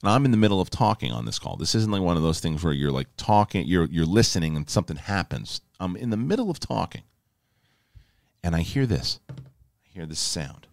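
Animated low-voiced male podcast host. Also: a little fast, creaky, no echo, clean studio sound. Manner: animated, emphatic, swears freely. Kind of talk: casual storytelling.

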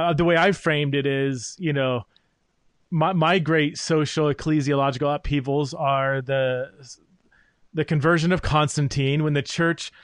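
A man's voice: on the high side, smooth, no room sound, clean studio sound. A man hosting an interview podcast, laying out his thoughts in a reflective way with frequent fillers. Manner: thoughtful, many fillers and restarts. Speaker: podcast host. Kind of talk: interview conversation.

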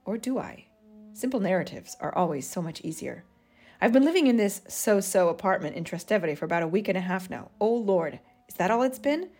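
A woman's voice: medium pitch, expressive, a little fast, darkish tone, slightly rough. A woman in her forties, a podcast host, reads her old journal entries aloud and laughs at her younger self. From United States. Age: 40s.

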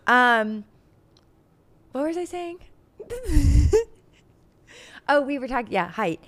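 A young woman co-hosting a relaxed podcast, her voice sitting a little higher than most. She talks in an animated, giggly way and breaks into laughter often. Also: takes it slowly. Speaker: podcast co-host. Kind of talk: casual chat.

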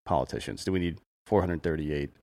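A man's voice: sits low, fairly even intonation, mellow, a little hiss or hum. A man co-hosting a casual chat, blunt and profane, ranting at speed. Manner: blunt, profane, rapid rants.

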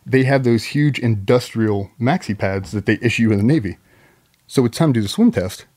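A man with a medium-pitched, somewhat dark voice speaks at normal speed as a podcast guest. In casual conversation he tells rambling, profane anecdotes.

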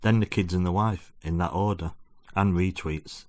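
A man's voice: low voice, moderate pace, a little mellow, lightly acted. A man doing a pompous football-mad dad. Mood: lecturing. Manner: preachy, lecturing. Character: football-obsessed middle-aged dad, pompous and self-deluding.

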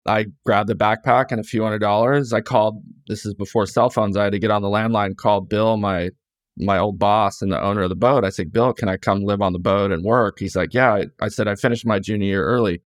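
A man's voice: fairly low pitch, brisk, dry recording, clean studio sound. A middle-aged man from California, casually telling stories in an interview with lots of restarts and quoted dialogue. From California, USA. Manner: relaxed, rambling, frequent restarts and quoted dialogue. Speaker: guest author.

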